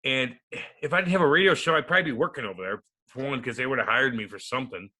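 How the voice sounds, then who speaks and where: Loud, profane male interview guest. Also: mid-range voice, rapid-fire. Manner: loud, profane, swings to soft mumbles. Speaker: guest, former hockey enforcer and radio host. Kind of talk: animated interview storytelling.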